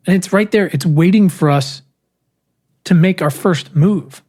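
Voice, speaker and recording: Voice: medium pitch, a little slow, darkish tone. A podcast host reading their own essay aloud in an earnest, emphatic way, with casual wry asides.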